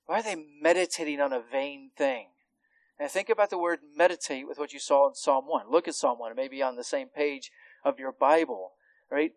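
A man preaching an expository sermon, teaching earnestly with rhetorical questions and frequent restarts, his voice swelling on key points and dropping to quiet asides. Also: on the high side, brisk, no echo, poor audio. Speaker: pastor.

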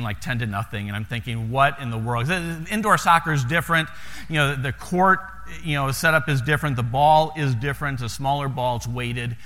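A sharp-toned, slightly high male voice fills a large hall as a missionary pastor from the United States, speaking with an American accent, shares folksy stories with his congregation. Starting sentences, he tends to repeat words, all part of his sermon storytelling.

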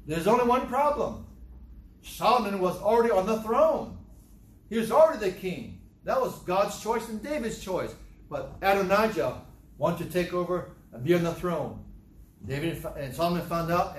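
A man's voice: high-pitched, echoey room, a little hiss or hum. A man preaching a sermon, driving his point with emphatic rhetorical questions.

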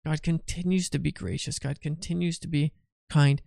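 Tired gravelly-voiced man teaching the Bible. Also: on the high side, steady tone, normal speed, mellow, no echo, studio quality. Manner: chatty, asks "right?" often, restarts phrases. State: tired and yawning. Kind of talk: conversational Bible study teaching.

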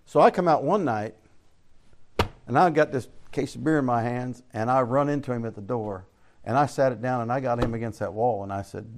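A man's voice: mid-range voice, fairly quick, slight background noise. An older man from Central Florida, teaching a Bible class in a preaching style, telling folksy stories, asking rhetorical questions and chuckling often.

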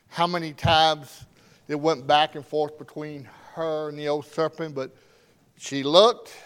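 A man preaching a sermon with strong emphasis, swinging between loud declarations and hushed asides. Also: fairly high pitch, clear, resonant tone.

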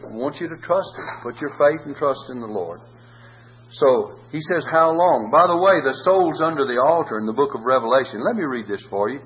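Earnest preacher man, dull lo-fi sound. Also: on the high side. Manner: earnest, rises to pleading cries. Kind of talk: sermon.

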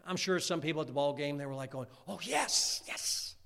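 A man's voice: fairly high pitch, racing, clear, resonant tone. Folksy preacher man in a reverberant church. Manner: folksy, animated preaching with acted quotes. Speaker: pastor. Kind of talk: sermon. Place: church sanctuary.

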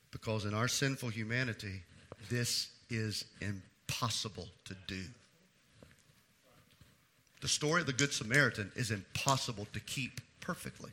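Male pastor preaching slow and deliberate, bright sharp tone, goes loud then drops to a hush. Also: a little hiss or hum. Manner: emphatic preaching that swings between loud declarations and hushed low asides. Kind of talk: sermon.

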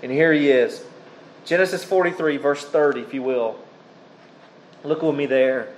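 A man preaching a sermon, reading scripture aloud and speaking to his listeners in short, deliberate phrases. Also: mid-range voice, slight background noise, rough recording. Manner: addresses listeners as beloved, pauses between short phrases.

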